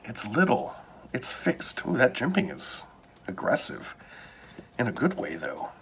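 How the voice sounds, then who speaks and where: A man's voice: medium pitch, very animated, unhurried, vocal fry, a bit bright, a little hiss or hum. A man casually talking through a knife unboxing, with wry asides muttered to himself.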